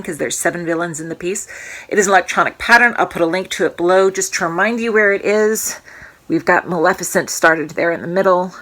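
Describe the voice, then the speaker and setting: A woman's voice: on the low side, fairly bright tone. A woman in her thirties chatting at home in a casual vlog, rambling, breaking off mid-sentence and cracking little jokes. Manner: rambling, self-interrupting, jokey. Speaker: cross-stitch vlogger. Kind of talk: casual chatty show-and-tell.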